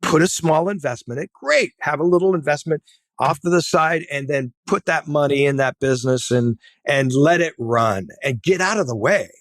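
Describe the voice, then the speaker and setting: A man's voice: a little high, normal speed, no room sound. A middle-aged man, a podcast guest, talking in an emphatic, advice-giving way with lots of "right?" asides. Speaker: podcast guest, tech entrepreneur. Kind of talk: casual interview talk.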